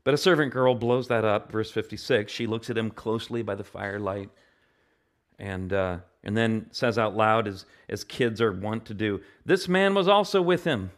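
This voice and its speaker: A man's voice: fairly low pitch, fairly even intonation, moderate pace. Earnest male pastor preaching a sermon. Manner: earnest, often repeats and restarts phrases; turns impassioned and louder at climaxes.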